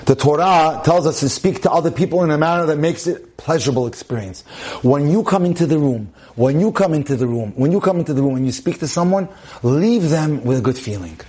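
A man's voice: fairly high pitch, lively intonation, a little fast, a little mellow. A man teaching as a rabbi, speaking emphatically, repeating phrases for stress and dropping in Hebrew terms. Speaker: rabbi giving a Torah class. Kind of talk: relationship lecture.

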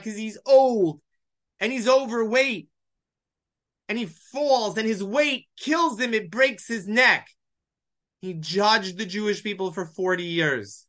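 A man teaching a Bible lesson verse by verse, reading lines aloud and explaining each in English. His voice is bright and clear, and his delivery is emotional, sometimes choked up. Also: high voice. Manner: reads Hebrew verses then explains in English. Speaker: Torah teacher. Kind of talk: text study lesson, translating verse by verse.

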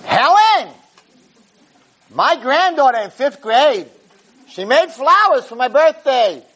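A man voicing an elderly woman tourist who is blunt and shrill, calling out loudly. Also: big pitch swings, slow pace, breathy edge, heavily acted. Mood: unimpressed. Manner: loud, blunt, screeching.

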